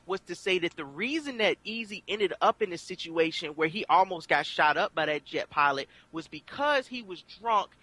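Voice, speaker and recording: A man chatting casually as a film reviewer, animated and quick to act out lines in put-on voices. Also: high-pitched, no echo. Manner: animated, mimics characters in exaggerated voices. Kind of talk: casual chat.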